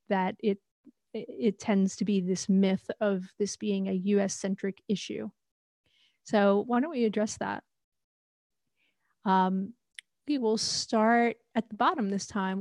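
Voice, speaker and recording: A woman's voice: mid-range voice, steady tone, measured pace, darkish tone, no echo, studio quality. A woman with a New York accent moderating a panel, chatty and self-deprecating as she introduces the guests and asks questions. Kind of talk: panel discussion.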